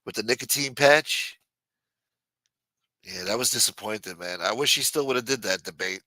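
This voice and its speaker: A man's voice: lowish voice, moderate pace, pushed and bright, no room sound, low-quality recording. A man hosting a late-night livestream who rants casually and reads news aloud in a profane, blunt and mocking manner. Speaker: livestream host. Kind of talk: casual ranting commentary.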